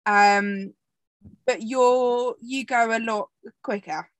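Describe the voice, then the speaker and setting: A woman's voice: a little high, steady tone, slow, no room sound. A woman in her twenties hosting a podcast, chatting in a reflective, sweary way. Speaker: podcast host. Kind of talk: casual chat.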